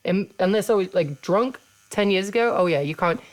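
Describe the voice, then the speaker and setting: In this clip, an English-accented woman in her thirties, a podcast host and wrestler, runs a casual chat. Her medium-pitched voice is animated and a touch fast, and she's blunt, relaxed, and swears freely.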